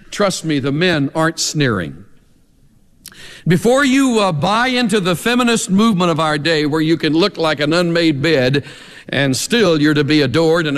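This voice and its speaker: A man preaches a sermon with a lively, swooping delivery that ranges widely in pitch, dropping casual asides between the verses he reads. His voice sits a little higher than most men's, and it rings out with a long reverb across a large church sanctuary. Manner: animated, conversational preaching with asides. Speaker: pastor. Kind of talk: expository sermon.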